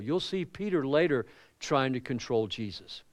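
In a church, a pastor with a medium-pitched voice preaches a sermon at a moderate pace, with no echo. He's an animated storyteller, acting out the people he quotes in his stories.

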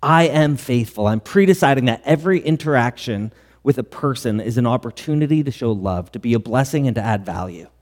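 A male pastor delivers an earnest sermon and keeps asking the room rhetorical questions. His voice sits at an ordinary middle pitch for a man. A long hall reverb trails each phrase, as in a church sanctuary. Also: lively intonation, fairly quick.

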